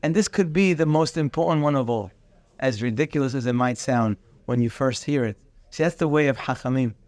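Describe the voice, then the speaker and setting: A man with a medium-pitched voice speaks briskly, with no echo, as he teaches a daily Torah class. He's animated, acting out bits of dialogue and mixing Hebrew terms into his explanations.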